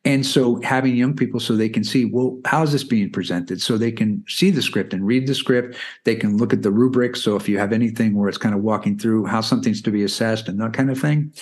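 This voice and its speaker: On a podcast, a math curriculum founder in his forties explains things as a guest, his lowish, darkish voice moving fairly quickly with few pauses. He's chatty, peppering his talk with "you know" and "right?".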